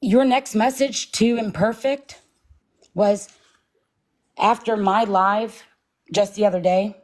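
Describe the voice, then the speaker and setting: A woman's voice: mid-range voice, steady tone, slow pace. Shaky, blunt woman livestream host. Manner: blunt, confrontational, swears freely. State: shaky, nervous. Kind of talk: heated livestream confrontation.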